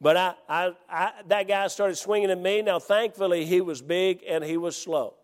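A preacher with a high, ringing voice tells a story from the pulpit and reads scripture. His words echo with a long reverb, as if in a large church hall. He swings between loud, animated storytelling and a calmer, reading tone. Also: normal speed, few pauses. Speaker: Baptist preacher. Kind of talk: sermon with storytelling.

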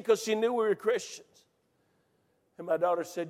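A man preaching a sermon, telling a personal story with rising emotion and bursts of shouting. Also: extremely high pitch, normal speed, long reverb tail.

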